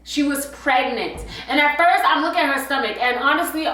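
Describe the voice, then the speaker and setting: A young woman telling a story in a casual, animated way, full of slang and swearing. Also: high-pitched, a little fast. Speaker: vlogger. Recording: echoey room, a bit far from the mic.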